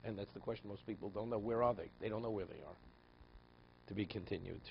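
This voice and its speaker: A man's voice: lowish voice, fast, creaky, highs cut off, a little hiss or hum. A man who is a rabbi giving a religious text lesson, telling stories, asking rhetorical questions and often repeating words. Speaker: rabbi teaching a daily class.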